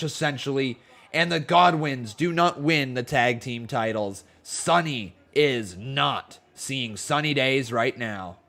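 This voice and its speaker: This watch-along commentary comes from a man with a medium-pitched voice speaking slowly. He calls old wrestling matches in a laid-back way on a casual live stream, reading chat aloud and breaking into hyped shouts, though his voice sounds a bit sore and tired.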